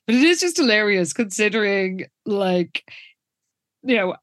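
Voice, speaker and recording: A woman's voice: medium pitch, animated, measured pace, no room sound, studio quality. A young woman, chatting casually and laughing as she recaps a TV episode with a co-host. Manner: giggly, chatty, narrates plot. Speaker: podcast co-host. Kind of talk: casual chat recapping a TV show.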